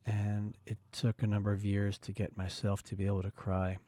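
A male podcast host with a lowish, mellow voice, speaking earnestly and reflectively. He circles his thoughts with frequent fillers. The sound is dry and close. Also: completely flat delivery, normal speed, no echo. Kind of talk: casual podcast conversation.

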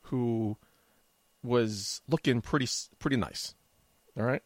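A middle-aged man co-hosting a podcast, teasing his co-host with fast, mock-offended banter. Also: mid-range voice, breathy edge, no room sound, studio quality. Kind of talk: casual banter.

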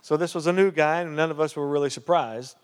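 A man's voice: a little high, fast talker, smooth. Male pastor telling a story in a reverberant hall. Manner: conversational, lots of "uh" and "you know", grows animated. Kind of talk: storytelling sermon.

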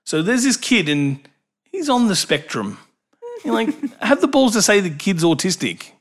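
A man co-hosting a casual film podcast, ranting his opinions in a quick, animated way. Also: high-pitched. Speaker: podcast co-host.

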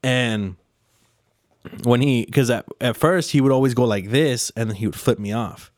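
A man's voice: mid-range voice, moderate pace, darkish tone, no echo, clean studio sound. A young man in casual chat, swearing freely as he retells a run-in with a neighbor.

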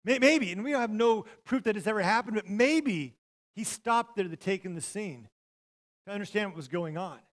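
A middle-aged man preaching with a high-pitched voice. He tells stories from the pulpit, leaping from loud, shouted bursts down to hushed, almost whispered lines. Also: expressive, moderate pace. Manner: storytelling, swings from loud shouting to near-whispers. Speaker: pastor. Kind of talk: sermon.

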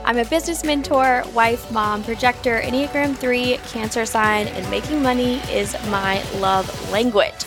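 A woman's voice: a little high, steady tone, normal speed, hardly any pauses, music in the background. A woman, hosting her own podcast in a bubbly, chatty way, casually swearing and saying "like" often. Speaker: podcast host and business mentor.

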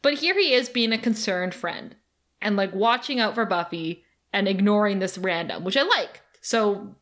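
A woman's voice: medium pitch, normal speed. A woman co-hosting a podcast, chatting casually as she retells scenes with laughter. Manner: animated retelling with laughs and acted quotes. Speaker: podcast co-host. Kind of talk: casual recap chat.

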